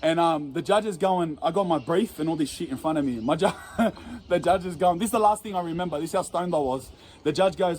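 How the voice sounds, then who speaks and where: An Australian man tells a long, rambling story in heavy slang, swearing freely and laughing at his own mistakes. His voice sits high for a man, with a faint hiss underneath. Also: fairly quick, a little mellow. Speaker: storyteller in an interview clip. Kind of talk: casual profane storytelling.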